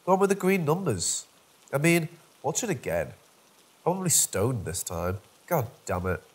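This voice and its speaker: A man's voice: medium pitch, sing-song, normal speed, husky. A man narrating a first-person horror story from a script, in a dry, wry storytelling manner.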